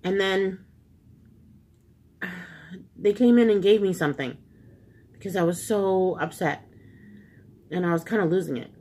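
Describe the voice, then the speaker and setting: This is a middle-aged woman from Canada hosting her own channel, speaking in a mid-range voice. She confides a hard personal memory to her viewers, emotional and close to tears, addressing them warmly as friends. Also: medium pitch, unhurried, long pauses. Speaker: vlog host. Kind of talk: casual storytelling to viewers.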